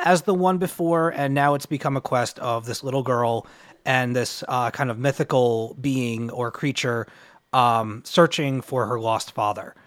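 A man's voice: mid-range voice, no echo. A man co-hosting a comic book podcast, rambling through a review in casual chat and laughing at himself. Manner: rambling, self-deprecating, laughs a lot. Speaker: podcast co-host.

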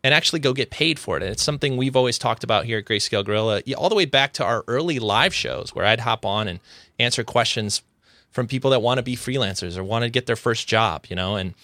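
Bright-voiced, rambling male podcast host. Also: mid-range voice, fast talker, dry recording. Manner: rambling, restarts often. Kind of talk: casual podcast chat.

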